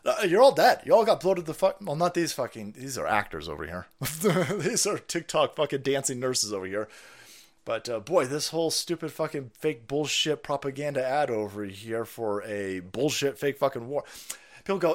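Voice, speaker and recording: A man's voice: medium pitch, sing-song, moderate pace. Foul-mouthed man ranting on a livestream. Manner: foul-mouthed, mocking, swings between shouting and muttering. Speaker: livestream host. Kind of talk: profane ranting commentary.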